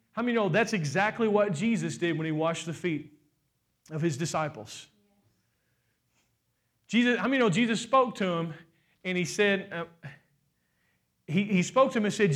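High-pitched man preaching a sermon. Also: expressive, normal speed, pauses often. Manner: preaching, building to shouts, asks the congregation questions. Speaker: pastor.

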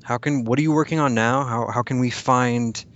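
A man's voice: mid-range voice, fairly even intonation, moderate pace, fairly bright tone. A man hosting a podcast, thanking his guest in a hesitant, appreciative way with many restarts. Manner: hesitant, appreciative, repeats words. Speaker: podcast host. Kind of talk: interview wrap-up. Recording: dull lo-fi recording.

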